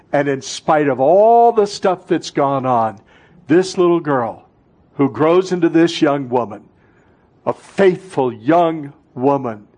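A pastor in his sixties delivers an impassioned sermon in a church, his voice sitting a little higher than most men's. He takes his time, with long deliberate pauses. He surges into fervent peaks, then drops to a near hush. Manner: impassioned, swinging from fervent outbursts to hushed intimacy. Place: church before a congregation.

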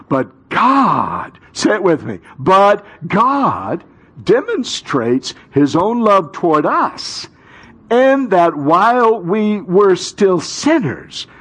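A male pastor preaching a sermon with call-and-response, reading Scripture and rising to shouts. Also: medium pitch, slightly rough.

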